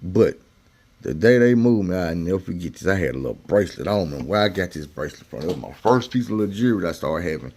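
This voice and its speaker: This man talks fast and with great animation, his fairly low voice carrying a darkish tone. He relates something that happened to him in casual, slang-filled speech, conversational throughout, jumping into the voices of whoever he's quoting.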